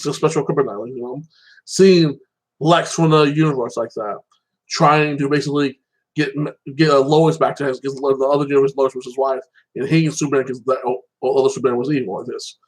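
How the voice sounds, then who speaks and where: A man's voice: medium pitch, poor audio. A young man in casual solo chat, rambling about a TV show and padding his sentences with "like this" and "like that". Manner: rambling, fills with "like this" and "like that". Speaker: show commentator.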